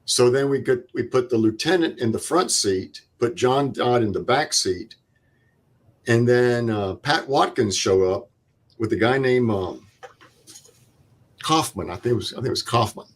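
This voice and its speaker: A man's voice: medium pitch, a little slow. An older man, a veteran guest, telling a vivid step-by-step war story and acting out the dialogue. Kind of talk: interview storytelling.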